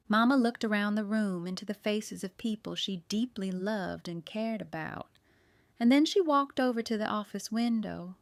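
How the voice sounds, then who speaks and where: A woman reads a novel aloud in an even, storytelling manner. Her voice is smooth and clear, recorded close and dry with no room sound. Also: mid-range voice, unhurried, dry recording. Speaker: audiobook narrator. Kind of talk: scripted narration.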